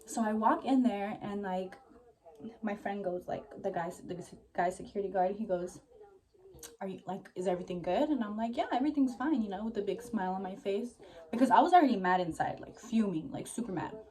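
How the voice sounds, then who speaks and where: Speaking fairly quickly in a mellow, mid-range voice, a young vlogger rambles through a story. She's slightly breathless, peppers everything with "like," and curses without hesitation.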